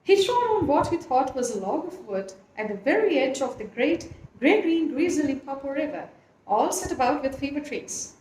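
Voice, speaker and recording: A woman reads a storybook aloud with a high, lilting voice that swoops expressively. Her telling is animated and lively. The recording has a roomy echo and a faint background hiss. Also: normal speed. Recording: echoey room, faint noise.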